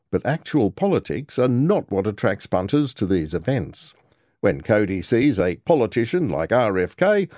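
Wry male reporter with lively pitch. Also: moderate pace, no room sound, studio quality. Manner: wry, sardonic commentary. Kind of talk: scripted narration of a news report.

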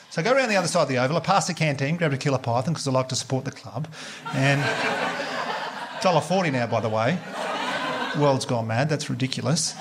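Fast-talking male stand-up comic. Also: mid-range voice, slight background noise. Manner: animated, sweary storytelling with put-on quoted voices. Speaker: stand-up comedian. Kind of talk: stand-up comedy storytelling.

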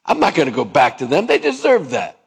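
A man's voice: a little high, huge pitch swings, brisk, slightly rough, long reverb tail, full character voice. A man voicing a defensive grown man who refuses to apologize, protesting in a whiny way. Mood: indignant.

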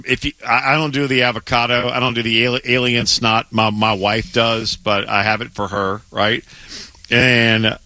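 A male sports radio co-host with a Southern American accent speaks in a very bright, cutting voice. He talks emphatically and stumbles over his words in quick restarts. The studio sound is dry and close. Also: mid-range voice, no room sound. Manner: emphatic, animated, stammering restarts. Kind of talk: casual sports radio banter.

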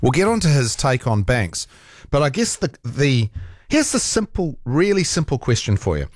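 A man's voice: medium pitch, very animated, normal speed, no echo. A New Zealand man hosts a talkback radio show in a studio. His voice moves up and down a lot as he chats, stalls on fillers, and starts sentences over. The sound is close and dry. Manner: chatty, hesitant with fillers and restarts. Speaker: radio talk show host. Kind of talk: casual talkback radio chat.

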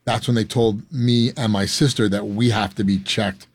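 A man's voice: lowish voice, fairly even intonation, normal speed, husky, dry recording. A man speaking as a guest on a radio show, earnest, often restarting his sentences. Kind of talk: radio interview.

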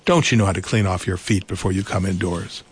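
A man's voice: steady tone, fairly quick, husky. A man voicing a spoiled, bossy young princess who sneers at a servant girl. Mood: sneering. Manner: sneering, shrill when screaming.

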